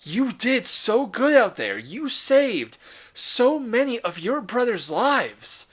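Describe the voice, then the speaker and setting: A man voicing a proud, loving male demigod commander who speaks to his son in a warm, reassuring way. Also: very high-pitched, sing-song, slow, husky, voice pushed up, heavily acted. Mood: tender, proud.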